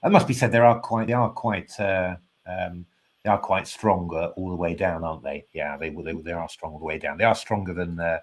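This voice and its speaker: A man's voice: sits low, fairly quick. A man giving casual live chess commentary, thinking aloud with lots of fillers and hesitations, polite and self-deprecating, sounding tired and yawning.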